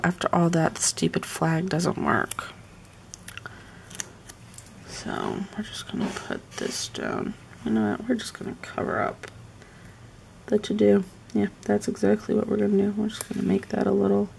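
A woman's voice: medium pitch, lively intonation, unhurried, vocal fry, long pauses, a little mellow, slight background noise. A woman chatting casually on a live stream while decorating a planner at home, muttering asides to herself as she works.

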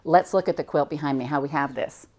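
A woman's voice: low-pitched, fast talker, a little mellow. Chatty older woman demonstrating quilting. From United States. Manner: chatty, cheerful, enthusiastic about the work. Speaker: quilting instructor. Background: sewing machine.

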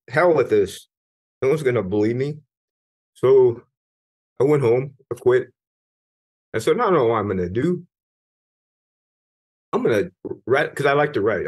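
Husky and medium in pitch, this American man's voice belongs to a middle-aged retired Navy senior chief. He candidly narrates his personal story for an interview, earnest and at times forceful, restarting often.

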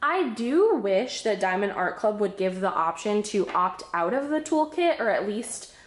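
A woman chatting casually and excitedly while unboxing crafts, a little out of breath, bubbly and giggly. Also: mid-range voice, measured pace, roomy sound. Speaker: craft vlogger.

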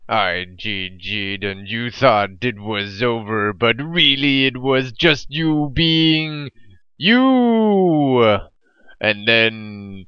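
A young man talks through his own gameplay in a loose, rambling, jokey way, slow and unhurried. His voice is smooth and clear, recorded dry and close on a dull, lo-fi desk mic. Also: dry recording. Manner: rambling, jokey, jumps into brief high squeaky voices. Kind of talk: casual gameplay commentary with silly voices.

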